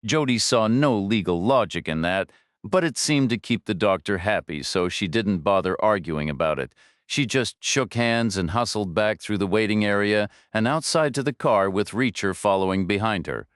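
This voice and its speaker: Smooth low-voiced male thriller narrator. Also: no echo, studio quality. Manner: steady, measured storytelling. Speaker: audiobook narrator.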